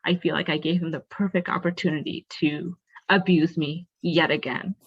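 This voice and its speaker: A woman's voice: deep voice, steady tone, normal speed, breathy edge, dull audio. A young woman of Bengali family background, speaking candidly and earnestly as a podcast guest, with lots of casual fillers. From raised in a Bengali family. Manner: candid, earnest, uses many fillers like "like" and "you know". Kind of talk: personal storytelling in a conversation.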